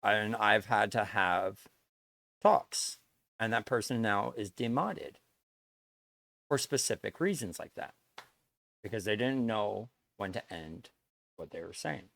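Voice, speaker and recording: A man's voice: fairly low pitch, animated, slow, vocal fry, pauses often, a bit bright, no echo. Blunt, lecturing male streamer. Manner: blunt, lecturing, swears, repeats himself. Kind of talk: casual stream chat to viewers.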